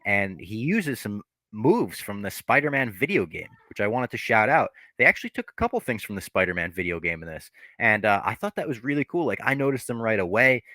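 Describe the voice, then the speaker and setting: Man, deep voice, bright tone, dry close recording, podcast host, casual sweary movie recap. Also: dry recording. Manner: loose, swearing, rambling storytelling.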